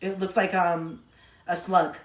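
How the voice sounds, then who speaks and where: A woman hosting a casual livestream chat, playful and animated, now and then breaking into silly sound bits. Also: fairly low pitch, takes it slowly. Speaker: livestream host talking to chat. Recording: echoey room.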